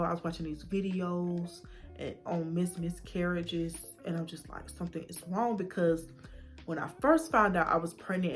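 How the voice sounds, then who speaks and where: A young woman in a personal vlog, retelling a hard experience with feeling, acting out what people said and sometimes dropping to a whisper. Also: lowish voice. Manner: emotional retelling, acting out quoted dialogue, drops to whispers. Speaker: vlogger.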